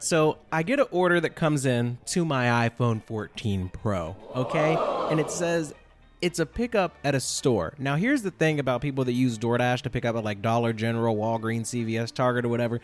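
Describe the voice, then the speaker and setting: A man hosting a podcast, telling a casual story in a rambling, animated way, full of fillers and checks like "all right?". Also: mid-range voice, normal speed, music in the background. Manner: animated, exaggerated retelling. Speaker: podcast host.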